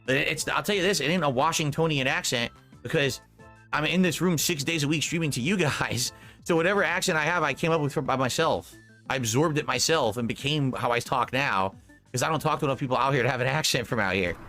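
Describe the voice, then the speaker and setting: A man's voice: mid-range voice, fairly quick, bright, forceful tone, faint music behind. A man from Connecticut streaming live, rambling defensively and answering his chat. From Connecticut, United States.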